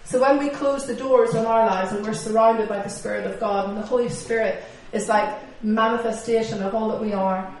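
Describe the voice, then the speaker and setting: A woman's voice: a little high, fairly even intonation, a little fast, hardly any pauses, a little mellow. A woman with an Irish accent preaching a sermon, full of rhetorical questions and acted-out quotes. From Northern Ireland or Ireland, living in Britain. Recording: echoey hall, distant mic, faint noise.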